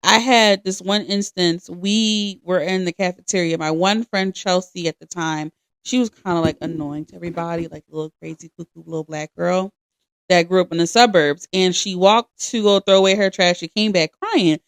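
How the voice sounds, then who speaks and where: A young adult woman co-hosting a podcast, telling stories in casual chat with a lively, profane delivery. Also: fairly low pitch, normal speed, clear, resonant tone, no echo, studio quality. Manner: animated, profane storytelling. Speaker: podcast co-host.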